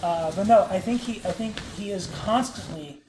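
A man co-hosting a podcast, talking in an easygoing, soft-spoken way. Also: sits high, normal speed, background noise. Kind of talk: casual chat. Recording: echoey room.

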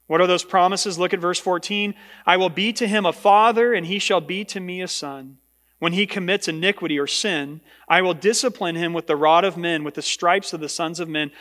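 A man's voice: high-pitched, a bit bright. A male pastor preaching a sermon in a church, emphatic and repeating words for stress. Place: church sanctuary. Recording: long reverb of a large hall.

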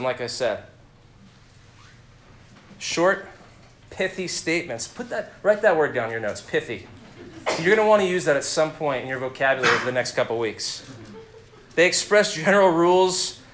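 Male Bible teacher, animated and interactive with his class; recorded in an echoey room. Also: on the high side. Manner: lively, interactive, quizzes the class.

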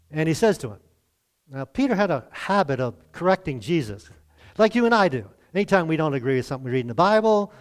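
Chuckling conversational male preacher. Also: a little high. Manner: conversational, chuckles often, acts out quoted lines. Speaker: pastor. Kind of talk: sermon.

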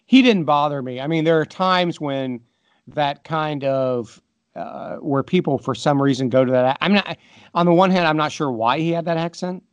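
A man's voice: a little high, moderate pace, clean tone, dry recording. A man co-hosting a podcast, giving emphatic, opinionated takes in a casual movie review chat. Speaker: podcast co-host.

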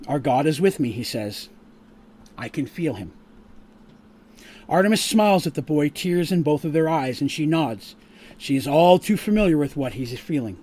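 Casual game master narrating a tabletop game. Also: male voice, fairly high pitch, a little mellow. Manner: casual, with fillers, stops to explain rules.

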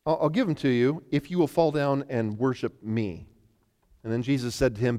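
A man preaches in a large hall, his voice carrying a long reverberant tail. He acts out scripture voices with lively energy, then falls to hushed, intimate tones. His pitch sits in an everyday middle range. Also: fairly quick. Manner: animated, acts out scripture voices, rises and drops to near whisper. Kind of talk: sermon.

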